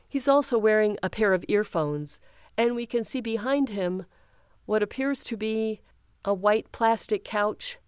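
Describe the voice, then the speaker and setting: A woman reads a news feature in a measured, steady way, voicing the quotes as plainly as the rest. Her voice is smooth and clear, recorded close and dry with no room sound. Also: mid-range voice, no echo. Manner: measured, even, reads quotes without acting them. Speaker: reader of an audio-described news story. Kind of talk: scripted news narration with image description.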